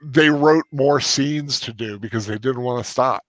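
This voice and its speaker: A man's voice: medium pitch, unhurried, no room sound. A man hosting a casual movie rewatch commentary, rambling with fillers and laughing often.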